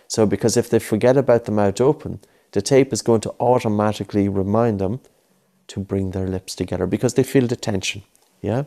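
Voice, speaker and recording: Low, mellow-voiced male breathing coach. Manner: patient, coaxing, repeats cues. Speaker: breathing instructor. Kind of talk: guided breathing lesson with a child.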